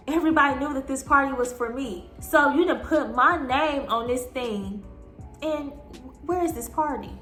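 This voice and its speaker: A young woman in her twenties telling an animated storytime, acting out what people said. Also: on the high side. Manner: animated, acting out quotes in voices. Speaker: vlogger. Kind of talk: storytime vlog. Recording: echoey room with soft music. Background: soft background music.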